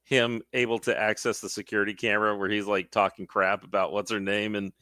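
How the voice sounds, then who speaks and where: Young male co-host, low voice, chatty, quick to laugh, dead dry sound. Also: clean tone, dry recording. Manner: laughs often, animated quoting of scenes. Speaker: podcast co-host. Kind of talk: casual chat about movies.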